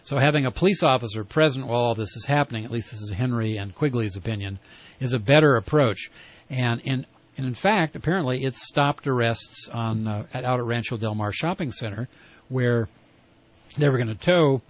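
A man hosting a casual talk show, speaking in a rambling, halting way with frequent restarts. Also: medium pitch, highs cut off. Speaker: talk radio host. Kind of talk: casual conversational interview.

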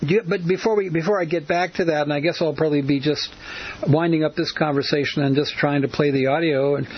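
A man's voice: on the high side, fairly even intonation, fast, breathy edge, highs cut off. A man hosting a talk radio show, speaking hesitantly with many fillers, on hissy radio audio. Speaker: radio host.

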